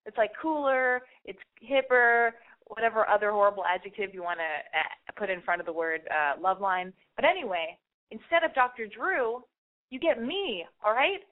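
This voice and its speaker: A woman's voice: on the high side, expressive. Frantic, foul-mouthed woman podcast host. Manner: fast, frantic, profane, self-mocking. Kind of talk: call-in advice podcast monologue. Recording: tinny phone-like sound.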